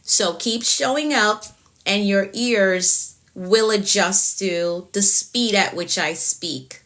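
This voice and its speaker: This woman is a productivity coach with a Jamaican accent, and her mid-range voice carries a fairly bright tone. On her live stream she talks fast, asking "okay?" after nearly each point.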